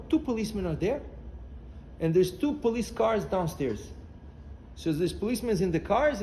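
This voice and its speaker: A man with a high voice gives a Torah class as a rabbi, telling stories animatedly and acting out their dialogue. His English carries Hebrew phrases and frequent restarts. A faint background hum sits under him. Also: a little mellow.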